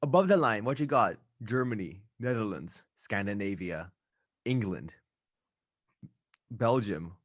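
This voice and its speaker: A young man hosting a podcast in casual chat, ranting animatedly with quick asides. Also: lowish voice, animated, no room sound, clean studio sound. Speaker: podcast host.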